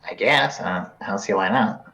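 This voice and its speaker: Chill guy playing a tabletop game, lowish voice, offhand and easygoing. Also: normal speed, pushed and bright. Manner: laid-back, offhand. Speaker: player. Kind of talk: casual tabletop game play.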